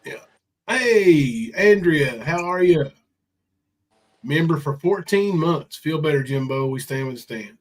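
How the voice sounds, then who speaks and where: A man chats loosely on a live stream, rambling and cussing casually. His nose is clearly stuffed up, and his voice sits a little on the high side for a man. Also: expressive, slow, rough recording.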